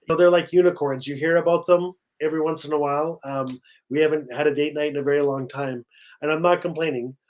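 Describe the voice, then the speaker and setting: Middle-aged man, author guest, lively storyteller, slightly high voice, video call. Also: fast talker. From Canada. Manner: warm storytelling with repetitions and acted quotes. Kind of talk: live-streamed conversation.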